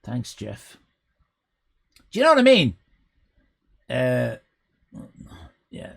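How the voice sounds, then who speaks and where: An Irish man in his fifties, a live streamer shouting mock-outraged, swear-filled banter at his chat, his voice going hoarse. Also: mid-range voice, huge pitch swings, slow, pauses often. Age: 50s.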